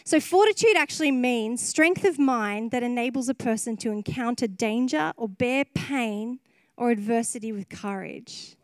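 A woman's voice: a little high, normal speed, dry recording. A woman preacher giving an earnest, emotional sermon at a church service, often laughing between phrases.

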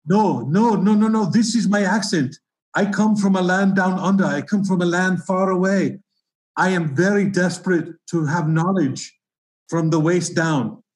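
A man's voice: high-pitched, rapid-fire, hardly any pauses, fairly bright tone. A man voicing a bumbling seminar attendee with a put-on foreign accent, grandiose and pleading. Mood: beseeching. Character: bumbling man claiming to be from far away. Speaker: comedy podcast regular. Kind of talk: improvised comedy sketch.

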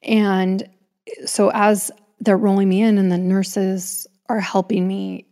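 A woman's voice: mid-range voice, little pitch movement, slow, mellow. A woman in her thirties casually telling a personal story, chatty, with frequent restarts and asides.

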